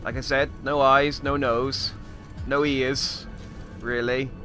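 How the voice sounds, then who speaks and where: A man giving joking gameplay commentary in a hammy, put-on Australian accent, with wry, self-mocking deadpan asides. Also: medium pitch, slow pace. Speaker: let's play commentator. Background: video game music.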